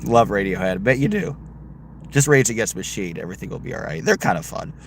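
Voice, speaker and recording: A man's voice: on the low side, big pitch swings, fast talker, creaky, a little hiss or hum. A man livestreaming casually on a road trip, rambling, reading chat aloud and talking to his dog. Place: outdoors and in a car on a road trip.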